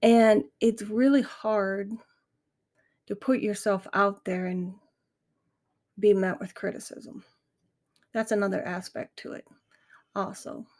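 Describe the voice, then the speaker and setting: A woman's voice: medium pitch, steady tone, slow pace, pauses often, a little mellow. A middle-aged woman hosting a grief podcast, talking candidly and earnestly in a reflective monologue. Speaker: podcast host. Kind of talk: casual monologue.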